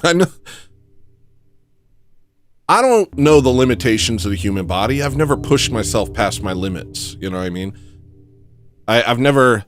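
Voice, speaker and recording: A man hosting a comedy livestream, rambling deadpan through absurd asides. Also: mid-range voice, normal speed, pauses often, faint music behind.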